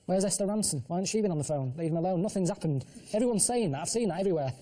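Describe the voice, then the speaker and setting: A late-thirties man with a Manchester accent, talking in a high, mellow voice. He rattles through his complaints quickly, deadpan and plain-spoken. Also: low-quality recording. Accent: Manchester English. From England. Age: late 30s. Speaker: show regular. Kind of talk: casual chat.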